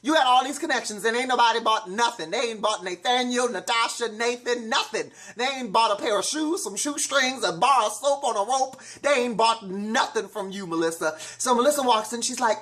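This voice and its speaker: A man's voice: very high voice, a little fast, few pauses, sharp tone. Sassy, blunt man reviewing reality TV. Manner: sassy, blunt, slangy commentary. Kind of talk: casual review vlog.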